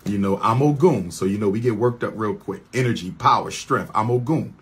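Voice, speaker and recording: A man delivering a heated monologue rant on his own channel, repeating lines in a preacher-like cadence and swinging from low mutters to loud, high questions. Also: fairly quick, breathy edge.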